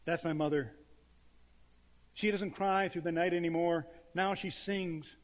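A man's voice: a little high, steady tone, unhurried, in a large hall, natural voice. A man telling it as an earnest little girl. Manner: earnest, plain-spoken. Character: earnest little girl defending her father.

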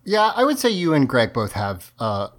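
A man's voice: mid-range voice, huge pitch swings, moderate pace. A man with a light Southern US accent co-hosting a podcast, talking casually and often restarting his phrases. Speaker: podcast co-host. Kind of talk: casual chat.

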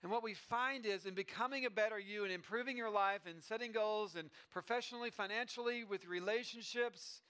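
A middle-aged pastor giving a chatty sermon, with asides and restarts. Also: male voice, sits high, brisk, hardly any pauses, bright, forceful tone, smooth. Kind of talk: conversational sermon.

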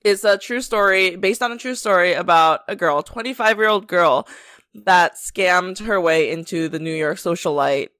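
A woman's voice: fairly low pitch, moderate pace, fairly bright tone, dry recording, studio quality. A woman co-hosting a casual podcast chat, laughing often as she retells a story and mimics people's lines. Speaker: podcast co-host.

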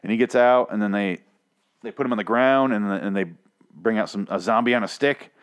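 A man's voice: on the low side, brisk, clear, resonant tone. A man casually recapping and ranting, sarcastic and exasperated, swearing freely. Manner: sarcastic, profane, exasperated storytelling.

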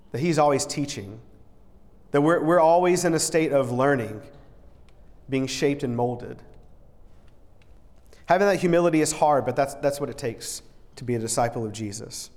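A man delivers a sermon in a church sanctuary, his voice sitting a bit higher than most men's. He talks earnestly and conversationally, often stumbling back over a word before pressing on. A long reverb trails each phrase through the big room. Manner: earnest and conversational, often repeats words and restarts. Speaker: preacher. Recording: long reverb in a large hall.

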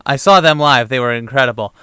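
A man's voice: medium pitch, fast talker, pushed and bright, clear, resonant tone, no echo, clean studio sound. A man in casual chat, rambling through a memory and correcting himself as he goes. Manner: rambling, self-correcting recollection.

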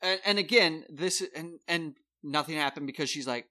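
A man's voice: a little high, normal speed, sharp tone. A man casually telling a long story on a podcast, acting out the people he quotes.

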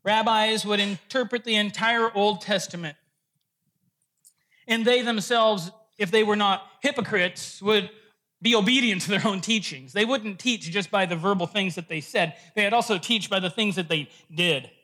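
Male pastor, high bright voice, playful storyteller in the pulpit, earnest when teaching. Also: normal speed. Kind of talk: sermon with a told joke.

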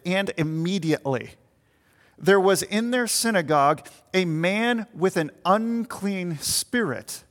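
A man's voice: high voice, fairly bright tone. A man, a pastor, preaching a sermon to his congregation and inviting them to picture the scene as he explains. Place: church meeting room with congregation. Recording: long hall reverb.

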